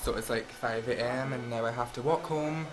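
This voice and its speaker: A man's voice: mid-range voice, normal speed, over a noisy crowd. Joking Scottish man narrating his vlog. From Scotland. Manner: jokey, sarcastic, swears freely. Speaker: vlogger. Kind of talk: casual handheld vlog narration.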